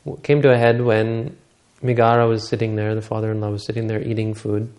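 A man giving a dharma talk, retelling a Buddhist story in a halting way with many restarts and self-corrections. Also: lowish voice, little pitch movement, a little mellow.

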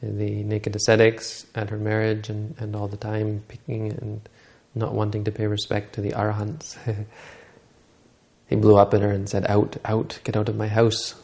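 Telling a Buddhist story as part of a dharma talk, this man speaks haltingly, with many restarts and self-corrections. His voice is low and gravelly, dark-toned and unvarying.

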